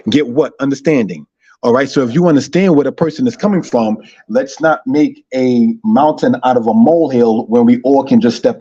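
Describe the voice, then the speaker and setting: Male Hebrew teacher, husky and mellow, repetitive live-stream delivery, muffled lo-fi audio. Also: mid-range voice. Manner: repetitive, addresses listeners as brothers and sisters. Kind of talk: online Hebrew lesson.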